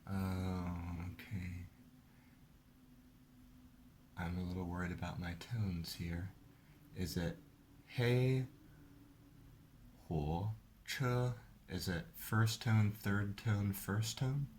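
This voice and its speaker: A man's voice: sits low, fairly even intonation, slow pace, a little mellow, slight background noise. A man hosting a video, casually explaining the rules of a card game step by step. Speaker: host.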